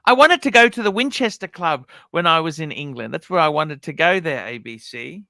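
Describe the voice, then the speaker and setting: A man hosting a casual livestream in a chatty, question-asking way, with an occasional curse thrown in. His voice is bright and pitched a little above most men's, and the sound is dry and close. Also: lively intonation, brisk, gravelly, no echo. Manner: chatty, asks guests questions, swears freely. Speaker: livestream host.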